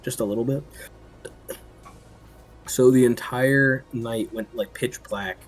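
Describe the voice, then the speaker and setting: A man's voice: mid-range voice, steady tone, slow pace, soft background music. Rambling young man telling a dream. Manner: rambling, swears a lot, many fillers. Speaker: streamer. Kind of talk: casual storytelling while gaming.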